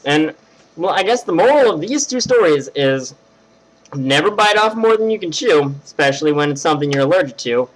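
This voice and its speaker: A man's voice: on the high side, brisk, rough recording. Rambling young man telling a story. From Tennessee. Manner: rambling, animated, filler-heavy. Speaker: vlogger. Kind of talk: casual storytelling to webcam. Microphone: webcam.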